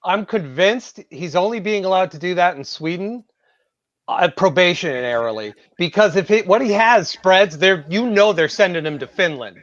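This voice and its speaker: High-voiced guy joking bluntly on a podcast, dry dull lo-fi mic. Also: animated, normal speed, a bit bright, dry recording. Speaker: podcast co-host. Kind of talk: casual podcast chat.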